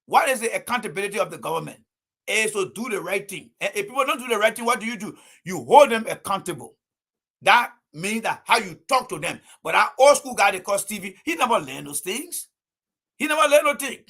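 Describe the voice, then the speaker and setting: A man holds forth on a livestream, preaching his political views with insistent repetition. His voice sits high and carries a forceful, pushing edge. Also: expressive, brisk, vocal fry, breathy edge. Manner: emphatic, preachy, repeats points. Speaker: political commentator.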